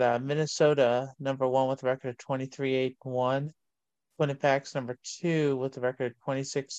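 A man, hosting a casual sports show and reading long lists of college rankings in a steady way. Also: medium pitch, clear, resonant tone, no echo, muffled recording.

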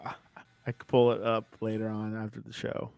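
A man's voice: fairly low pitch, completely flat delivery, fairly quick, vocal fry, darkish tone, clear, resonant tone, dry recording. A man chatting casually about sports over a video call, hesitant and stammering.

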